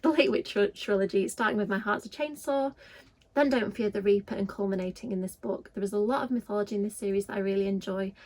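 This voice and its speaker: A woman's voice: medium pitch, a little mellow, rough recording. A woman with a Yorkshire accent chatting casually and enthusiastically to camera about her reading list, with frequent ums. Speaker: book vlogger. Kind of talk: casual book chat to camera.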